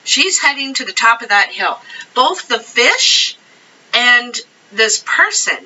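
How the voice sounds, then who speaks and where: A woman talks through a tarot reading at a slow, meandering pace, full of ums and asides. Her voice sits fairly low but has a bright, forceful edge. She is recorded from some distance on dull, lo-fi audio. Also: big pitch swings, a little hiss or hum. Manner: slow, rambling, chatty, with frequent fillers. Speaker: tarot reader. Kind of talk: casual tarot reading to camera.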